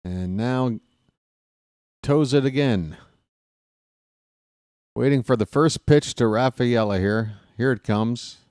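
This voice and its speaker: A man's voice: medium pitch, slow, pauses often, a little mellow, dry recording, studio quality. A man with a Baltimore accent doing solo play-by-play for a baseball game, openly rooting for his team. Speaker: play-by-play announcer.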